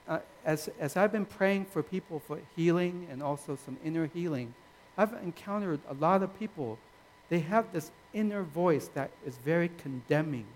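Male preacher, slightly high voice, gentle and conversational, faint noise behind. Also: rough recording. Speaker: pastor. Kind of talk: sermon.

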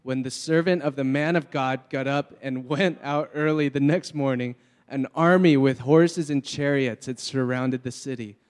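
This scripture reader's voice is medium-pitched and clean, with fairly even intonation and a moderate pace. He reads steadily aloud for a group Bible reading in a church hall, cracking the occasional joke with the crowd, and the recording carries a long hall reverb.

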